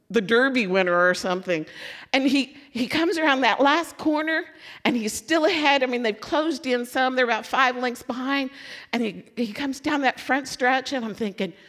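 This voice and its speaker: A woman from Louisville giving a sermon as a lively personal story, acting out her own excitement and letdown. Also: sits high. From Louisville, Kentucky. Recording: long hall reverb.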